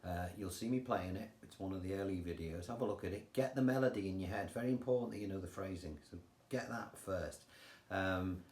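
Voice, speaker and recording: An older man with an English accent, teaching guitar in a chatty, relaxed way and counting rhythms aloud. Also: deep voice, fairly quick. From England. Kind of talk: casual guitar tutorial. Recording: roomy sound with guitar playing.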